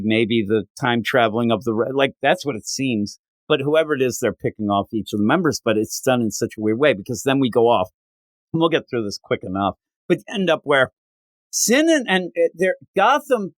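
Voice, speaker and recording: A man chatting on a comics podcast with a lively, swooping pitch that jumps when he gets worked up. He sounds exasperated and animated, and the recording is close and dry. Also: dry recording. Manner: animated, exasperated, quotes characters in mock voices. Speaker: podcast co-host reviewing comics. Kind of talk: casual chat.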